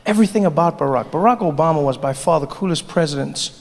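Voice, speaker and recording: A South African comedian with a gravelly, slightly high voice rattles through his stand-up set quickly, telling stories and doing voices. He performs on a large hall's stage, and the recording is reverberant with faint ambience.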